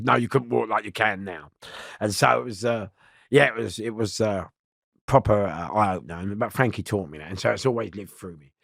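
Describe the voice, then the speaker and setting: Gravelly, loud man telling stories. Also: lowish voice, dry recording, clean studio sound. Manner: animated, rambling, laughing as he tells stories. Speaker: interview guest. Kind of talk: storytelling in a podcast interview.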